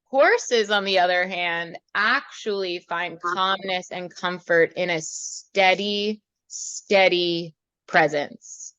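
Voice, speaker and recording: A woman riding instructor teaching a student in a chatty, animated way, then leading a guided meditation. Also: fairly low pitch, no room sound, lo-fi sound. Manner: chatty, animated, acts out horse thoughts. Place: outdoors at a horse trailer.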